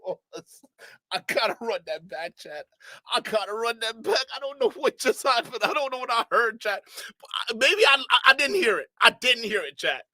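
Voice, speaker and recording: A man's voice: extremely high pitch, big pitch swings, moderate pace, pushed and bright, no echo. A man streaming live reaction commentary, laughing constantly and repeating himself in disbelief as he talks to his chat.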